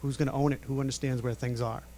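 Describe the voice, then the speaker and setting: Man, panelist, mid-pitched, candid, conversational. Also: flat delivery, quick pace, warm tone. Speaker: conference panelist. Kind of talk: panel discussion. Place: conference stage.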